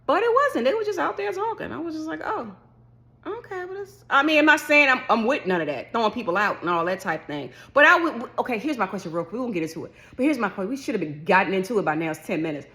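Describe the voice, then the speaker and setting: A woman vlogger chatting casually about a solo trip, telling the story with lively acted-out reactions. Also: medium pitch, rapid-fire, hardly any pauses. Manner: animated storytelling, acts out her own past reactions. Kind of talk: casual chat.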